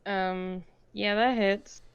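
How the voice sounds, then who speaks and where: A woman's voice: mid-range voice, steady tone, extremely slow, clean tone, muffled recording. A woman playing in a tabletop game, speaking unhurriedly and laughing at her own jokes. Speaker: player. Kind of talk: casual tabletop play.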